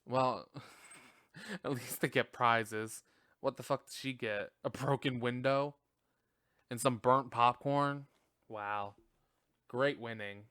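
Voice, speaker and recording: Brief: animated male podcast host, laughing and cursing, unhurried delivery, dry room. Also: medium pitch, smooth, no echo. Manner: profane, animated, laughs often. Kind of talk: casual film review chat.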